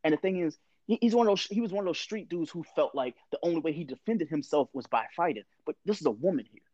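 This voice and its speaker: A man's voice: on the high side, expressive, fast talker, darkish tone, no echo. Man, thirties, candid and profane, storytelling, dry close sound, slightly dull recording. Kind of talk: casual conversation.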